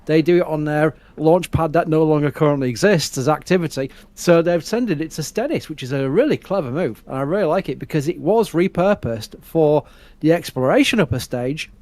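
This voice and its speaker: Northern English man, fairly high voice, chatty live-stream co-host, rambling and laughing easily. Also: animated, normal speed, darkish tone, dry recording. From northern England. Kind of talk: casual live-stream commentary.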